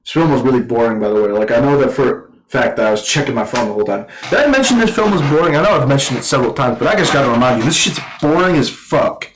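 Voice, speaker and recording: A man giving a casual, rambling film review, swearing constantly and filling every pause with "like" and "uh.". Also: medium pitch, animated, reverberant, a little hiss or hum, rough recording. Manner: profane, rambling, full of fillers. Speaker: movie reviewer.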